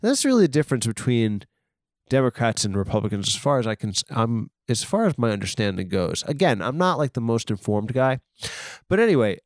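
A man's voice: mid-range voice, no room sound, studio quality. A man delivering a rambling comedic monologue, often cutting himself off, swearing and mock-scolding his listeners. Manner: rambling, self-interrupting, swearing, mock-aggressive. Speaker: comedic podcast host.

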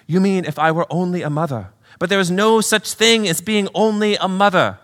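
A patient, kindly male spirit, as a preacher acts him out talks in a gently reasoning British voice. He is raised in pitch and sounds bright and clear. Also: normal speed, in a large hall. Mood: gentle. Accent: British, put on.

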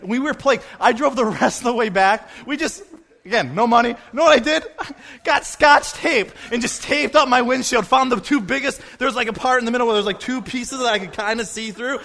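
High bright excitable male storyteller. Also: a little fast, vocal fry. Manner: excitable, bursts into shouts and laughter. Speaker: retreat speaker. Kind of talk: animated storytelling talk.

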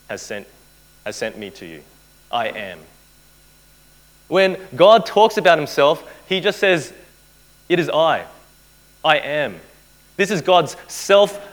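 A man's voice: a little high, fairly bright tone, poor audio. A man preaching a sermon to a live audience, earnest, repeating key phrases and putting rhetorical questions to his listeners.

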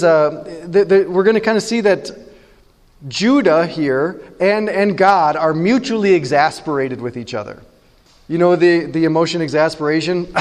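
A male pastor preaching a sermon in a conversational, animated way, joking with his congregation. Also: a little high, big-room sound.

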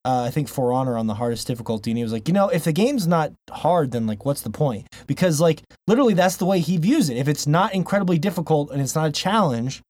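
A man's voice: on the high side, expressive, fast talker, hardly any pauses, a little mellow, no room sound. A man co-hosting a casual gaming podcast, rambling and laughing, often restarting his sentences. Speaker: podcast co-host. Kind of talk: casual chat.

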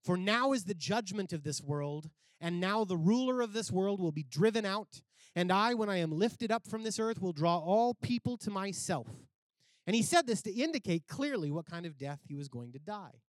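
A man with a high, light voice delivers a sermon, reading scripture and then explaining it in earnest terms. His voice climbs with emphasis at key points. The sound is close and dry, with no room around it. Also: no echo. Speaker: preacher.

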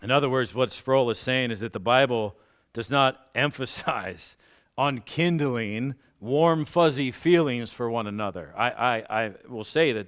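A man preaching a sermon as pastor, slowing down and swelling loud on key points, with self-mocking asides and light laughs. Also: mid-range voice. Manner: slows down for emphasis and rises loudly on key points.

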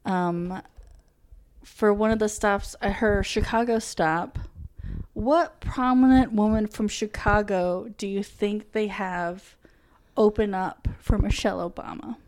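A woman's voice: medium pitch, fairly even intonation, slow pace, darkish tone. Young woman co-hosting a podcast, casual and chatty, lots of ums, cusses a bit. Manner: chatty, swears freely, many ums. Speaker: podcast co-host. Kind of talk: casual chat.

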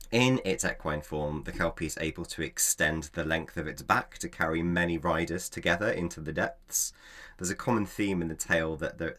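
A man's voice: rumbling low, pushed and bright. A man co-hosting a casual podcast, chatting and reading folklore notes aloud with frequent laughs. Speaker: podcast co-host.

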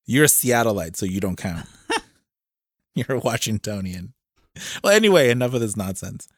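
Teasing low-voiced man on a podcast. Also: big pitch swings, moderate pace, no echo, clean studio sound. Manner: teasing, laughs often. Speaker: podcast co-host. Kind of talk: casual banter.

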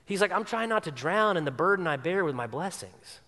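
A man's voice: sits high, expressive, fairly quick, pushed and bright, in a large hall. A man preaching a sermon, emphatic, repeating phrases for weight. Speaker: pastor.

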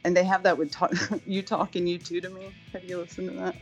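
A woman's voice: on the low side, little pitch movement, fairly quick, faint music behind. A woman from Florida hosting a podcast, chatting effusively and casually with lots of "like" and "you know," heard over a remote call. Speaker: podcast host. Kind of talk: casual chat. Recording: dull, dry lo-fi sound.

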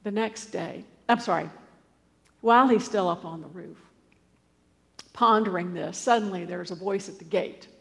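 A woman's voice: on the low side, normal speed, creaky, pauses often. A woman preacher retelling a scripture story in a conversational way, with asides and fillers. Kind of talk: storytelling sermon. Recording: long hall reverb.

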